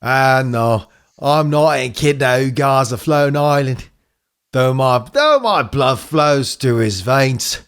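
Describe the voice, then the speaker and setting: A man puts on a solemn old echidna sage from a comic read-aloud, speaking in a hammy, put-on mix of Australian and Brooklyn. He booms his pronouncements with grand, mysterious weight. The delivery swings lively and theatrical. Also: slow pace, clean tone. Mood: grandiose. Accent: put-on Australian with a hint of Brooklyn.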